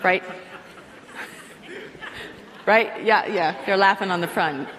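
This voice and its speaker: A middle-aged woman preaching a sermon to a live congregation, animated, acting out her own prayers in quoted asides. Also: medium pitch, takes it slowly, a faint crowd. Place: large hall with live audience. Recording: long hall reverb.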